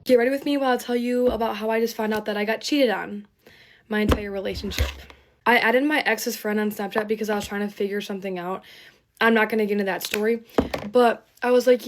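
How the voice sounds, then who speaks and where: A woman's voice: a little high, steady tone, fast talker, slight background noise. A young woman telling a personal story while getting ready, rambling with many fillers and frequent swearing, shaken and emotional. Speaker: TikTok storyteller. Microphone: phone camera.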